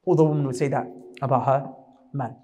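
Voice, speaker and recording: Emphatic male preacher, quick and high, reverberant hall. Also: steady tone, dark tone, soft background music. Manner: rapid, emphatic, questions the audience. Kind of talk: sermon.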